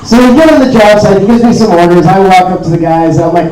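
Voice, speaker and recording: A man from Toronto performing a stand-up comedy set, telling stories deadpan and acting out the other people's voices. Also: high-pitched, fast, a faint crowd. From Toronto, Canada. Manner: deadpan storytelling with acted-out voices. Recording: roomy club sound, mic heard from a distance. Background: audience laughter.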